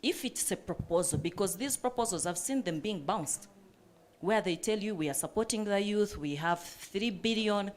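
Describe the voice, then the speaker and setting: A woman's voice: medium pitch, expressive, normal speed. A woman panelist who runs a coffee business, speaking earnestly and with passion at a panel discussion, with many fillers.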